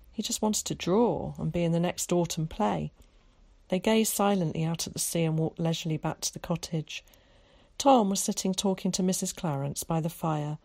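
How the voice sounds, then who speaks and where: A woman narrating a children's story in a calm, measured way. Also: low-pitched, creaky. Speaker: audiobook narrator. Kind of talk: scripted narration.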